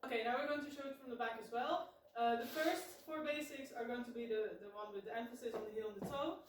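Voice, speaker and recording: A woman explains dance footwork in a calm, step-by-step way, pausing on small fillers. Her voice sounds distant and a little high, caught from far off in a very echoey room. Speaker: dance teacher. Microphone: far camera mic. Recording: echoey room, far mic, loud noise.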